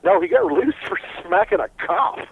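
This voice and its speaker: A man's voice: very high voice, a little fast, vocal fry, crowd noise, rough recording. A man hosting a casual sports radio talk show, rambling and full of restarts. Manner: animated and rambling, with many restarts.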